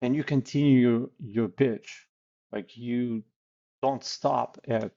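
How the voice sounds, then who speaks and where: A man's voice: mid-range voice, takes it slowly, vocal fry, dark tone, lo-fi sound. A man coaching on sales calls in a blunt, casual way, with many fillers and acted example lines. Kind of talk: casual instructional talk.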